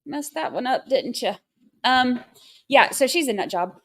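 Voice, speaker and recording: A woman's voice: sits high, expressive, measured pace. Sarcastic woman streamer, rambling asides. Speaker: livestream host. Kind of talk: casual livestream commentary.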